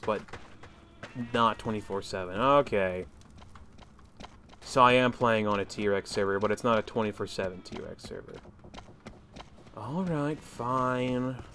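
A young man giving chatty, animated commentary while playing a game, shouting at enemies now and then. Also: mid-range voice. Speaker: gaming commentator. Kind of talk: casual gameplay commentary. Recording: faint game noise behind.

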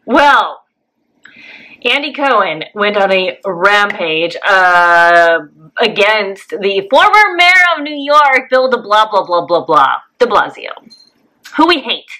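Bright, outspoken woman co-host. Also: mid-range voice, big pitch swings, takes it slowly, rough recording. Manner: mocking, crude and outspoken. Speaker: podcast co-host. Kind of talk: casual opinionated chat.

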